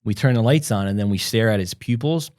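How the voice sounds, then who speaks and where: A man's voice: on the low side, a little fast, darkish tone, no room sound, clean studio sound. A young man co-hosting a podcast, telling a long story casually, full of "like" and acted-out quotes. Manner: rambling, filler-heavy, acts out quotes. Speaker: podcast co-host.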